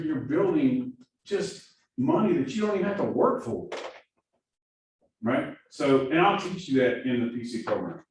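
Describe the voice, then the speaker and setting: A man with a Southern accent coaching a class of new agents, keeps checking in with "right?". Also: mid-range voice. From Missouri. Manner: energetic, keeps asking "right?". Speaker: productivity coach. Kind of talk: classroom training talk. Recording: echoey room from far off, faint hiss.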